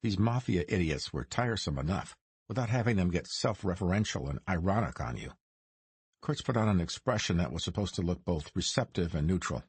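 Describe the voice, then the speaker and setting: Deep, husky male audiobook narrator. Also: dry recording. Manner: measured, lively storytelling. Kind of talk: scripted crime noir narration.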